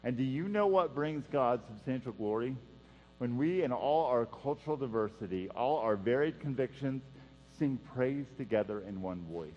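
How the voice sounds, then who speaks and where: A man preaching a sermon in an earnest style, repeating key phrases and dropping to a hush for emphasis. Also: mid-range voice, expressive, moderate pace. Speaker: pastor. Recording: dull sound with long hall reverb and mains hum.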